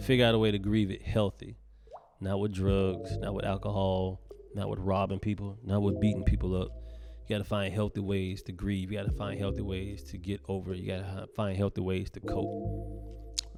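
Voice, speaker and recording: An American comedian hosts a solo podcast, ranting profanely and emphatically, swinging between loud bursts and hushed asides. His voice sits on the lowish side.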